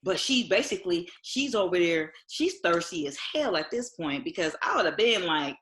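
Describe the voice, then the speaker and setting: Lively low-voiced woman podcaster. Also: normal speed, echoey room. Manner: animated, acts out quotes, frequent laughter. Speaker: podcast co-host. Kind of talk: casual recap chat.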